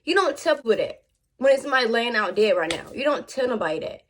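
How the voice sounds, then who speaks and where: A young woman telling a storytime on her vlog in casual slang, animated and chatty with her viewers. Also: fairly high pitch, fast talker, a little hiss or hum. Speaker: vlogger.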